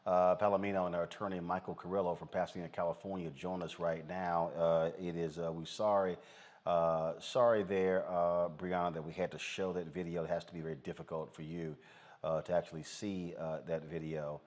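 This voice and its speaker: Low-voiced male news host. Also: level tone, brisk, darkish tone. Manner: direct, addresses viewers as folks, frequent fillers. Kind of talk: live news commentary.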